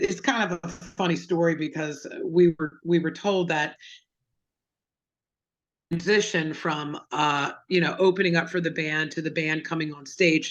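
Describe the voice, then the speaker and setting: A woman's voice: on the low side, a bit bright, dull audio. A middle-aged woman singer-songwriter, chatting as an interview guest, telling stories with lots of fillers. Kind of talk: casual interview chat.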